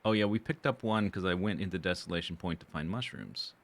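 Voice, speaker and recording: Low-voiced and brisk, a man gives casual commentary while streaming a survival game. He rambles chattily about his gear and plans, often correcting himself.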